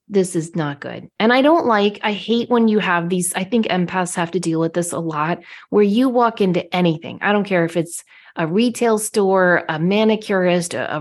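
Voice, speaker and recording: Brief: woman co-host, slightly low pitch, fired-up storyteller, chatty and opinionated. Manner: indignant, animated storytelling. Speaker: podcast co-host. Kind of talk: casual chat.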